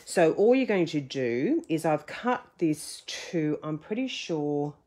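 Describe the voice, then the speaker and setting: Croaky woman, low-pitched, rambling and self-deprecating, hosting a home craft lesson. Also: lively intonation, takes it slowly, a little mellow. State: croaky, getting over a cold. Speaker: craft tutorial host. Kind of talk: casual craft tutorial.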